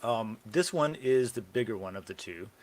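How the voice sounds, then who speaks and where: A man's voice: mid-range voice, lively intonation, moderate pace, darkish tone. A man hosting a casual live show, rambling and brainstorming ideas aloud with plenty of fillers. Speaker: podcast host. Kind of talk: casual live-stream chat.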